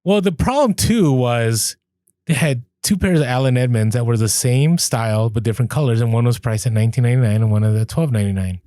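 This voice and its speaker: A man co-hosting a podcast, telling a story in casual chat, animated, laughing as he goes and acting out what people said. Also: medium pitch, fairly quick, dry recording. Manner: animated, laughs through stories, acts out quoted lines. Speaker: podcast co-host.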